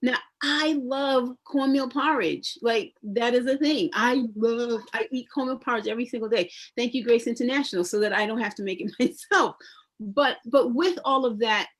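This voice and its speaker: A woman, a public historian and genealogist speaking on a community panel, talking conversationally with frequent restarts and lively storytelling. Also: fairly high pitch, moderate pace. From New York. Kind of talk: panel discussion.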